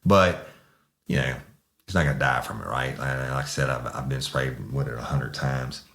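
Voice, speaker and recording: Extremely deep-voiced man, blunt and profane. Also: normal speed, a bit bright. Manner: blunt and profane, rambling with many restarts. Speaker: former police sergeant telling a story. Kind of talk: casual storytelling.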